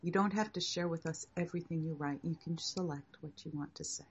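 An older woman teaching a class, speaking in a gentle, encouraging and unhurried way. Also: deep voice, breathy edge, dull audio. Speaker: meditation teacher. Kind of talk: guiding a class.

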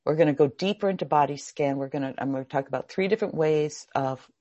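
A woman's voice: deep voice, quick pace, mellow, dry recording, highs cut off. An older woman teaching a meditation workshop, talking in a chatty storytelling way with laughs and restarts. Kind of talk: workshop talk with personal stories.

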